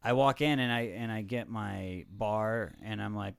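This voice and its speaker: A man's voice: fairly low pitch, measured pace, creaky, smooth. A young man co-hosting a podcast, telling a rambling, profane story full of fillers and quoted back-and-forth. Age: young adult. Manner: rambling, profane, animated retelling with many fillers. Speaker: podcast co-host. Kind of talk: casual storytelling chat.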